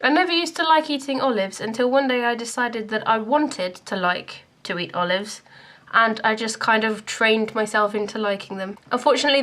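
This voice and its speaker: Young woman, casual vlog, self-deprecating, lightly high-pitched. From Scotland. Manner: chatty, self-deprecating, lively asides. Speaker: YouTuber.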